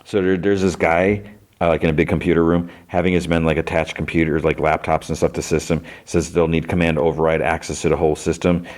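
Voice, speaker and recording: A man hosting a podcast, casually recapping a TV episode and slipping into quick voices for the characters. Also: very deep voice, flat delivery, darkish tone. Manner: retells scenes with quick voice shifts for characters. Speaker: podcast host. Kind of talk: casual plot recap with acted quotes.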